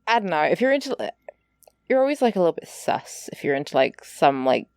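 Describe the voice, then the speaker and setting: A young woman co-hosts a podcast in a lower voice that swings widely in pitch. She is chatty and wry, swears casually, and sounds close and dry with no room echo. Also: sing-song, fairly quick, a little mellow. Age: young adult. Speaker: podcast co-host. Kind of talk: casual chat.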